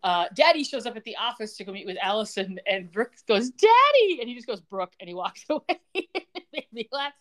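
In a brisk, mid-range voice, a woman co-hosting a podcast casually recaps a TV episode. She retells it with animation, laughing as she acts out the characters' lines.

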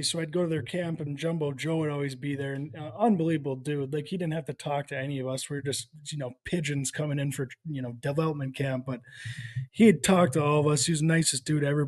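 A former hockey player as podcast guest, telling laid-back stories and swearing. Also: male voice, on the high side. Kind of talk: casual chat.

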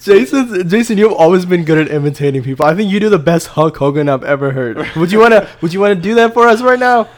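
A man hosting a casual podcast, steering the chat with questions in a relaxed way. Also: sits high, fast talker, hardly any pauses. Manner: relaxed, leads the talk with questions. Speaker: podcast host.

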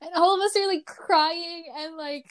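A young woman hosts a casual podcast chat, telling a story from her childhood. Her voice sits high and she talks in an animated way, full of fillers, laughing as she goes. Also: normal speed. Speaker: podcast host.

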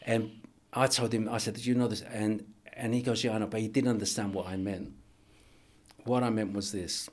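Middle-aged guy telling a story on a podcast, low voice, earnest, keeps restarting his sentences. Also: little pitch movement. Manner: earnest, halting, with many restarts and soft pauses. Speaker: archbishop and boxing coach, guest. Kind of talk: emotional storytelling in a podcast interview.

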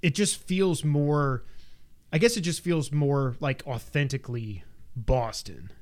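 A man's voice: on the high side, a little slow, darkish tone. A man hosting a podcast, chatting casually about movies in an enthusiastic, talkative, rambling way. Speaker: podcast host.

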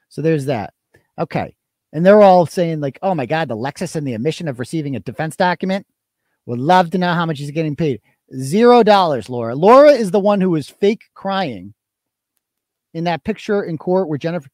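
A man's voice: on the high side, a little mellow, no echo, studio quality. A man hosting a live stream, talking in a casual, profane, mocking and rambling way. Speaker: host.

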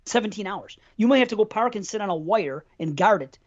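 A man's voice: high voice, animated, fairly quick. A middle-aged man from New York State co-hosting a podcast, telling long, profanity-filled stories in casual chat. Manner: rambling, profane storytelling. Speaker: podcast co-host. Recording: dull lo-fi podcast audio.

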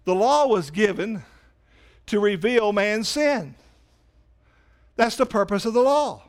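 A man preaching a sermon in a church, animated, swinging from loud emphasis to quiet asides. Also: takes it slowly. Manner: animated preaching, rises loud for emphasis then drops low. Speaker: pastor. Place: church sanctuary.

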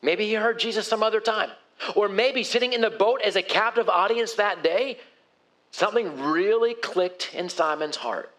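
A man's voice: high voice, moderate pace, fairly bright tone. A male pastor preaching a sermon in a conversational way, putting questions to his congregation.

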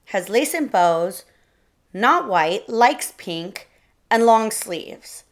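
Narrator as a friendly, talkative seamstress, pitched up, with hesitant fillers. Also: female voice, lively intonation, extremely slow. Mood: chatty. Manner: chatty, reading aloud, hesitant fillers. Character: chatty helpful seamstress, woman.

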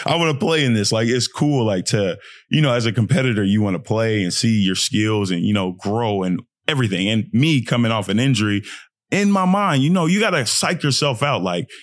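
A young man, a pro basketball player, talking casually and motivationally about mindset, breaking into high-pitched joking voices. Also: dry recording, clean studio sound. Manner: animated, swings into high joking voices and trash talk.

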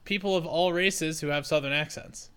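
A young man co-hosting a casual chat, animated and laughing, slipping into a mock Southern drawl. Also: on the high side, moderate pace, a loud crowd. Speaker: podcast co-host.

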